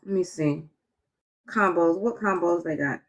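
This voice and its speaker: A woman's voice: on the low side, unhurried. A woman chatting casually on a live stream, muttering exasperated asides to her viewers as she goes.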